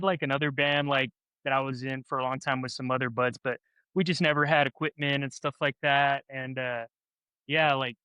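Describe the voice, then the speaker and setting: A man's voice: mid-range voice, pushed and bright, clear, resonant tone, no echo. A man, a band's vocalist, chatting as a guest in a laid-back way full of fillers. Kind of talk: casual chat.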